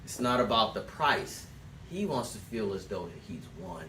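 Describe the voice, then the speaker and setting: A man's voice: on the low side, very animated, normal speed, sharp tone, slight background noise. Man coaching salespeople in an echoey room. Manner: direct, instructive, tells listeners to write things down. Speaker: sales trainer. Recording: echoey room, distant mic.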